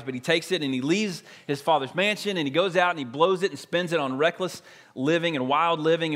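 A man's voice: fairly high pitch, a bit bright. A man preaching a sermon as a pastor, retelling a story in a conversational, emphatic way.

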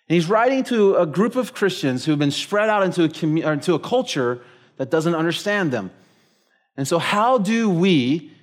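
A man preaching a sermon, telling a story casually with plenty of fillers like "like" and "you know". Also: on the high side. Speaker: pastor.

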